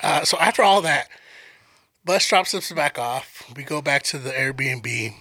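A man's voice: fairly high pitch, unhurried, no echo. A man telling a comic story in casual chat, swearing freely and acting out the people in it. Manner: animated, profane, acts out voices in his stories. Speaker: storyteller on a podcast.

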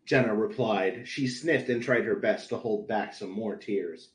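A man hosting a podcast, narrating a story in a flat voice with stumbles and laughs. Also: on the low side, a little slow. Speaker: podcast host, reader. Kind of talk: comedic fan-story narration. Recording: roomy echo.

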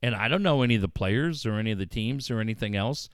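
A middle-aged man hosting a casual radio chat. He gets excited, swears freely and acts out quotes with big jumps in pitch. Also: fast, smooth, dry recording, studio quality. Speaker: radio show host.

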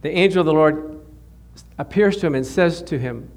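A man's voice: on the high side, normal speed, pauses often. A man preaching a sermon, telling Bible stories and his own experiences, laughing often and repeating words as he goes. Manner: storytelling, animated, rises sharply when quoting prayers. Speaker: pastor.

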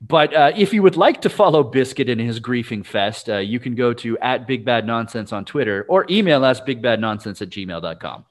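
A man's voice: medium pitch, lively intonation, normal speed, hardly any pauses. A man hosting a casual podcast over a video call, rambling with fillers and restarts. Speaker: podcast host.

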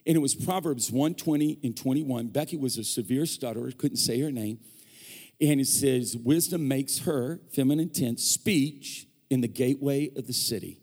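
A guest pastor preaches a sermon in a church hall, where a long reverb trails his words. His mid-range voice is a little mellow and moves at normal speed. He tells stories with animation, acts out the voices he quotes, and jokes with the congregation.

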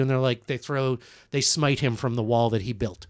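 A man hosting a casual comedic podcast, telling a long rambling story in an animated way. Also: mid-range voice, normal speed, dry recording, clean studio sound.

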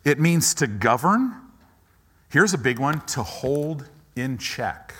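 A man preaching a sermon to a congregation in a church, acting out doubting inner voices and rising to loud commands. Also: mid-range voice, very animated, slow, husky. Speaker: pastor.

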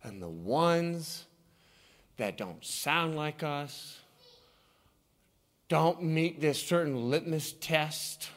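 Lively high-voiced preacher. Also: male voice, very slow, long pauses. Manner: dramatic swings from hushed to shouting. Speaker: pastor. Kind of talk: sermon.

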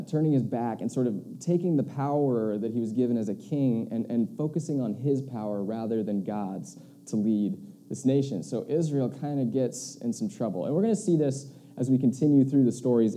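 A man's voice: mid-range voice, normal speed, dark tone. A man giving a casual, conversational sermon as a pastor, loose and chatty with many asides.

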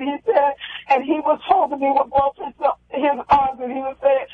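A woman calling in as a guest, telling a personal story in a halting, heartfelt way that circles back on itself. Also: high-pitched, dry recording. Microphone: telephone. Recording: tinny phone line.

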